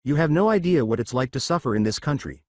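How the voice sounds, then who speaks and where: A man's voice: medium pitch, animated, fast, darkish tone, dry recording, clean studio sound, lightly acted. A man voicing an angry, resentful young boy who rants at everyone. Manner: ranting, resentful.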